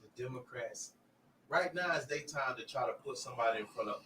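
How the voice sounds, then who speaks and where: A man on a casual podcast chat, speaking earnestly and rambling, often trailing off quietly. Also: medium pitch, animated, brisk. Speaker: podcast guest. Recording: distant mic with faint background noise.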